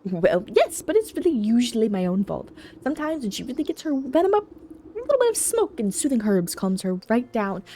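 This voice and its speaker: A woman's voice: on the high side, big pitch swings, a little fast, dark tone, a little hiss or hum. A woman voicing a fawning, lovesick male beekeeper who gushes and grovels in a video game. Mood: sheepish. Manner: gushing, servile.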